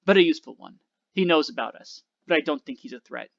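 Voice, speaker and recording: A man's voice: a little high, animated, fast, creaky, no echo. A man reading aloud voices a tough young female agent. She speaks tersely and matter-of-factly, in the reader's own voice, on a slightly dull recording. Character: tough young woman agent, cool and brisk.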